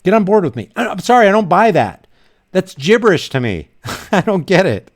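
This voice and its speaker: A man hosting his channel, ranting in a casual livestream, rambling and animated with frequent restarts. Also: sits high, normal speed. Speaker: channel host.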